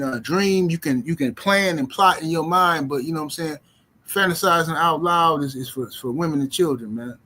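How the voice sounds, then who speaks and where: A middle-aged man hosting a livestream, talking casually in animated, slangy speech and repeating himself. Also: on the high side, a little hiss or hum. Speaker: livestream host. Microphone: streaming mic.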